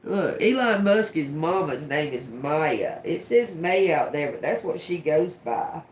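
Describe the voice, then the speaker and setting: On a livestream, a middle-aged woman gives a casual, profane tarot reading, muttering single words as they come to her and giggling often. Her low voice has lively intonation, a slow pace and a slightly mellow quality, with a little hiss or hum in the background.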